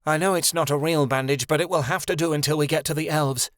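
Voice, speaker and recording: A proud, sharp-tongued griffin, a she-creature who talks curtly in a low, even voice, as a man reads her. It is a fantasy audiobook, recorded dry and close. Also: fast talker, no room sound, natural voice. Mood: curt, gruff.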